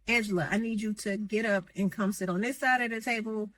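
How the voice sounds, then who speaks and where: A woman's voice: mid-range voice, normal speed. Sassy, slangy woman recapping gossip. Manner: sassy, animated, slangy, acts out quotes. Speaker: gossip commentator. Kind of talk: casual reality-TV recap.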